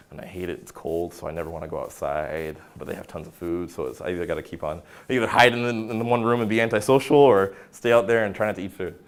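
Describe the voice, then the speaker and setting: A young man, a personal trainer, giving an informal wellness talk, joking and acting out quoted lines in silly voices. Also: lowish voice. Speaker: fitness center personal trainer.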